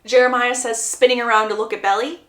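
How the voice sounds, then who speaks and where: A woman doing a casual book recap with animated, gossipy storytelling. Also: fairly high pitch, fast talker, echoey room.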